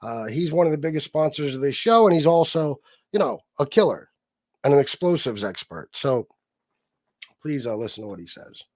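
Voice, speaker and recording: A man hosts a live stream and reads the chat as it comes in, swearing constantly and snapping at the people who bother him. His voice sits a bit high for a man. The sound is dry and close-miked, with no room echo. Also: animated, moderate pace, a little mellow. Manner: angry, combative, heavy swearing. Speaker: livestream host reading chat. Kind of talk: profane live-stream rant and shout-outs.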